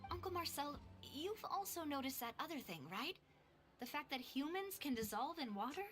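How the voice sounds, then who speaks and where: A woman's voice: high voice, animated, normal speed, a bit bright, faint music behind. An actress voicing a confident young woman investigating a case in a video game, earnest and determined.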